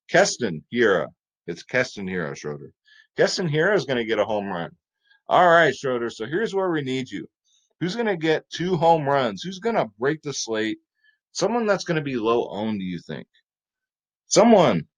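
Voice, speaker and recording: A man's voice: medium pitch, low-quality recording. A man hosting a fantasy sports picks video, talking in a hyped, chatty, salesy way.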